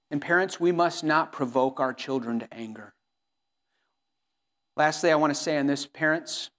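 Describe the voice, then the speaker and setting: A man's voice: fairly high pitch, a bit bright. A middle-aged man preaching a sermon as pastor, earnest and pleading, often restarting his sentences.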